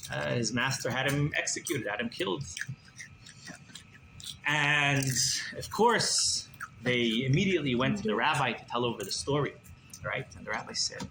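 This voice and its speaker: A male rabbi telling a story in a sermon, animated, with many restarts and repeated words. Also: medium pitch. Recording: roomy room with background noise.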